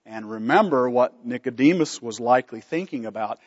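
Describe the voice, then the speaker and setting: A man's voice: mid-range voice, animated, normal speed, in a large hall, highs cut off. A man teaching a Bible study from slides, emphatic, putting questions to the class and answering them himself.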